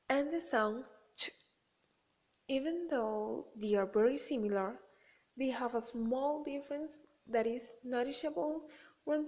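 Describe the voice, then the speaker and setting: Slow, high-voiced woman presenting. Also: a little mellow. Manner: careful, measured reading. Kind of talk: read-aloud class presentation.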